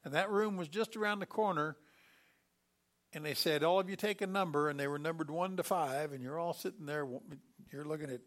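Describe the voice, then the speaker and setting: A man in middle age preaches with animated energy, his voice sitting a little high for a man. He jumps into quoted voices and throws in sudden loud bursts before dropping back to a calm, even preaching tone. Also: a little fast. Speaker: pastor. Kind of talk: sermon.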